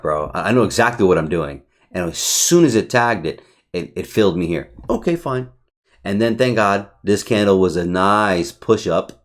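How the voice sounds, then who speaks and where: A man reviewing his day trades on a chart, talking brashly, swearing and firing off rhetorical questions. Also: deep voice. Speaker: trading educator. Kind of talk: screen-recorded trade review.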